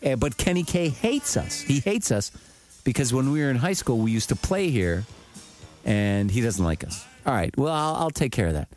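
Guy telling a wild story, cursing a lot, voice jumps all over, kinda high, music faint behind. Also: moderate pace. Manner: profane, animated, acts out quotes. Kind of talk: casual storytelling.

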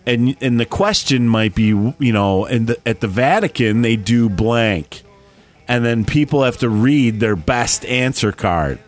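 A man's voice: mid-range voice, measured pace, faint music behind. A man co-hosting a casual chat show, laid-back and rambling as he explains things. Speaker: co-host.

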